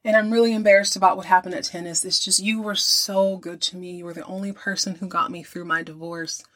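A woman's voice: lowish voice, level tone, brisk, fairly bright tone. A woman voicing a jealous young woman friend who talks in a pleading, sorry tone. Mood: apologetic. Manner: pleading, apologetic.

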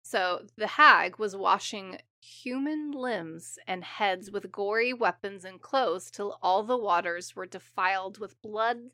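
A woman's voice: medium pitch, slow pace, few pauses, bright, forceful tone, no room sound, clean studio sound. A woman co-hosting a podcast, reading old folk tales aloud with giggly asides. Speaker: podcast co-host. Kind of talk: casual storytelling chat.

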